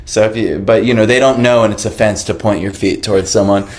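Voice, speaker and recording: Animated man telling a story with laughs. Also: lowish voice, fast talker, a crowd in the background. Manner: animated, laughing, acts out quoted voices, many fillers. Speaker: devotee telling his conversion story. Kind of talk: casual personal storytelling.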